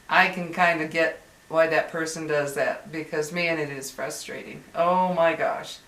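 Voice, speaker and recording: An older woman speaks straight to her viewers in a somewhat low voice, rambling and clearly exasperated. She often stops and restarts her sentences. The audio is roomy and echoey, as if the mic sits a few feet away. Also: steady tone, measured pace, a bit bright. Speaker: YouTuber. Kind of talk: venting vlog to viewers. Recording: roomy echo, distant mic.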